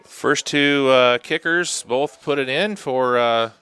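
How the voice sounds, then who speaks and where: A man giving live play-by-play commentary on a youth soccer shootout, unhurried and sometimes hushed. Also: medium pitch, clean tone, no room sound. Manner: unhurried, drops to a hushed whisper during tense kicks. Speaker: sports commentator.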